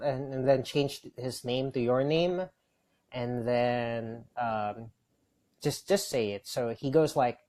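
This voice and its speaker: A man's voice: mid-range voice, takes it slowly, darkish tone. A man giving casual tips as a call center trainer, rambling with many fillers and restarts. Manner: coaching, gives direct advice. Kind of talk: casual instructional talk.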